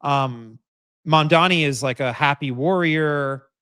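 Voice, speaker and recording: A man's voice: fairly high pitch, slow, bright, forceful tone, clean tone, no room sound, studio quality. Rambling male live-stream commentator. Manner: rambling, many restarts and fillers, emphatic repeats. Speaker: host.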